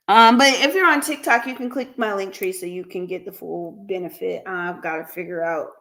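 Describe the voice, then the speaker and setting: Woman, livestream host for a counseling practice, bright voice, slow easy pace, chatty, laughs a lot. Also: medium pitch, slight background noise. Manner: chatty, laughs often, talks to viewers by name. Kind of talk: casual livestream chat with viewers.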